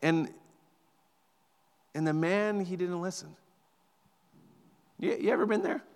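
A male pastor giving a sermon in a conversational, animated storytelling way, often repeating words as he goes. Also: high-pitched, slow, smooth, big-room sound.

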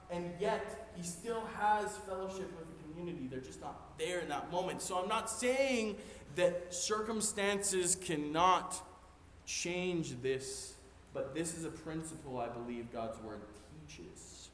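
A man preaching a sermon as a pastor, earnest and growing excited as he goes through scripture. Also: a little high, measured pace, a little hiss or hum. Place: church sanctuary. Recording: roomy hall reverb, faint ambience.

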